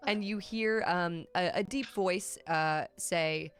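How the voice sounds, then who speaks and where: A woman narrating as game master of a tabletop role-playing game, with measured pacing and frequent ums. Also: fairly low pitch, faint music behind.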